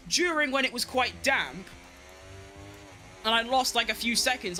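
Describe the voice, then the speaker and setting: A man giving excitable, self-mocking live commentary while playing a racing game, talking to himself as he drives. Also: very high voice. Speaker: gaming streamer.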